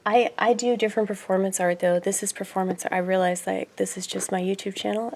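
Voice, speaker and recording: A woman chatting casually on her own video channel, rambling and laughing often, her voice swinging from loud asides to quiet murmurs. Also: mid-range voice, normal speed, vocal fry. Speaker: YouTuber. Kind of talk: casual vlog chat.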